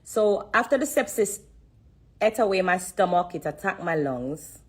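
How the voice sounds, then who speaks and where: A lowish, slightly rough female voice, animated and measured in pace, carries a sincere testimony on a phone live stream. Close to tears, she holds them back while repeating herself.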